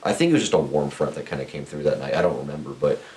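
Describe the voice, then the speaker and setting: A man's voice: extremely low pitch, very fast, darkish tone. A young man co-hosting a podcast, telling a rambling story with a laugh in it and lots of restarts. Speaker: podcast co-host. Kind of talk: casual storytelling chat. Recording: faint hiss.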